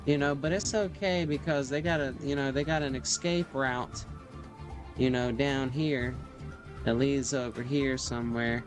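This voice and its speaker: A man's voice: medium pitch, steady tone, unhurried, over music. A man hosting a livestream, rambling casually as he draws, full of fillers and sound effects. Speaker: livestream host drawing on stream. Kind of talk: casual storytelling while drawing.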